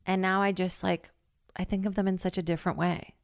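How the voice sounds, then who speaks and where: A woman hosting a podcast, telling a funny story in a lively, casual way, swearing freely and acting out what people said. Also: on the low side, a little fast, gravelly, no room sound, studio quality. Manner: animated, swears freely, acts out quotes. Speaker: podcast host.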